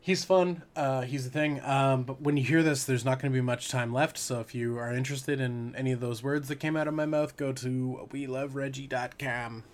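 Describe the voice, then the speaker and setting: A man's voice: mid-range voice, fairly even intonation, moderate pace, hardly any pauses. Joking man in a casual podcast chat. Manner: joking, swearing, does goofy announcer voices. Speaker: podcast co-host.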